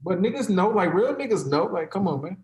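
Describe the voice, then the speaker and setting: A man's voice: high-pitched, big pitch swings, a little fast, a little mellow, echoey room. A man in heated, profane podcast talk, mocking others in quoted voices.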